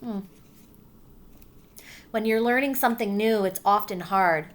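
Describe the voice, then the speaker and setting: In a mid-range voice, this woman teacher shares a picture book with children, pausing softly for questions and sounding out letters one at a time.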